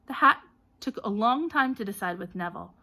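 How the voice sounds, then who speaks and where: A woman narrates an audiobook in a bright, forward voice. She reads in a lively way and gives called-out names and shouts plenty of energy. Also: mid-range voice, fairly quick. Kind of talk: storybook narration.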